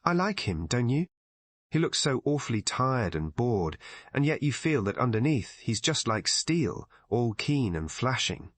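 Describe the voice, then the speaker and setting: A spirited young Englishwoman, bright and eager, her voice lifted high and bouncing with animated swings, as a male audiobook reader puts her on. The tone has a slight husk to it, in a dry, close recording with no room sound. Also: unhurried, no room sound. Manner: raised excited voice.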